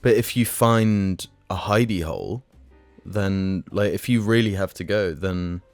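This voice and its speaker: A man co-hosting a podcast in easygoing chat, often chiming in to agree. His voice sits fairly low. The sound is dry and close, with faint music behind. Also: measured pace, no room sound. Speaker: podcast co-host. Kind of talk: casual chat.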